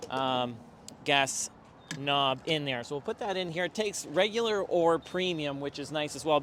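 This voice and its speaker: A man's voice: a little high, fairly bright tone, a little hiss or hum. Chatty middle-aged man reviewing from a car. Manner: chatty, upbeat, lots of ums and asides. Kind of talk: casual car review walkthrough. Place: inside a car, driving.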